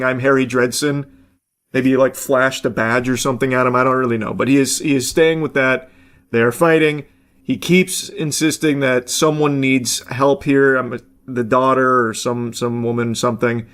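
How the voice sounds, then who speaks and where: A man's voice: medium pitch, clear, resonant tone. A man hosting a casual reaction commentary, rambling along with jokey asides and casual swearing. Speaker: host.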